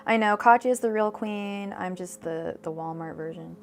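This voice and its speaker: A woman's voice: mid-range voice, fairly even intonation, normal speed, hardly any pauses, darkish tone, faint music behind. A woman reading tarot cards on a live stream, chatty and digressive, full of fillers and restarts. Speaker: tarot reader.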